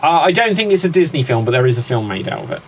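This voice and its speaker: A man's voice: a little high, sing-song, rapid-fire, a little hiss or hum, rough recording. A man hosting a live guessing game, upbeat and teasing, often laughing. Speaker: quiz host.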